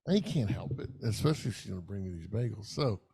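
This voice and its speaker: A man's voice: on the low side, expressive, fast talker, gravelly, mellow, breathy edge. A middle-aged man, telling a long, profane, rambling story in casual podcast chat. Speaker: podcast co-host.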